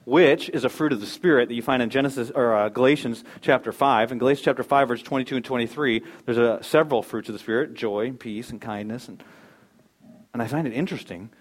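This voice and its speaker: A man's voice: mid-range voice, fast. Emphatic preaching pastor, man. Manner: emphatic, rising to loud exhortation. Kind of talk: sermon.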